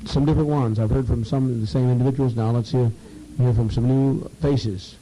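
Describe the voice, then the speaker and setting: A man leading a program and addressing a group informally, halting and repeating words for emphasis. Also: medium pitch, steady tone, dark tone, slight background noise, low-quality recording.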